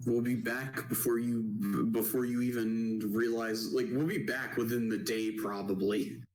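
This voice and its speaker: A young man co-hosting a casual podcast, relaxed and laughing, often restarting his sentences. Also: medium pitch, normal speed. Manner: relaxed, laughs, short agreeing replies, restarts. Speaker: podcast co-host. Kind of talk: casual chat. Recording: echoey room.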